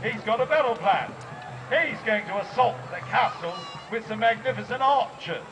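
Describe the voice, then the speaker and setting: An Australian man with a high voice and lively intonation delivers jokey commentary over a PA at an outdoor festival, punning and firing up the crowd at a moderate pace. The audio is dull, and loud outdoor noise and a cheering crowd fill the recording.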